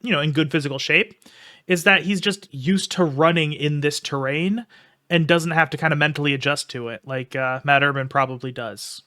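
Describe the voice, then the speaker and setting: A man's voice: on the high side, fairly even intonation, moderate pace, bright, forceful tone, no room sound, studio quality. A man hosting a reaction video, casually commenting and thinking aloud, with some swearing.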